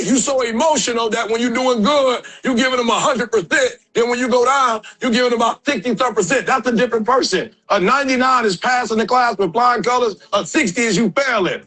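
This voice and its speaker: A man with a high, husky voice delivers a motivational speech to a live audience. He talks casually and uses slang. He builds to emphatic, shouted calls to action. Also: brisk, few pauses, poor audio. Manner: emphatic and conversational, with slang and rising shouted exhortations. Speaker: motivational speaker.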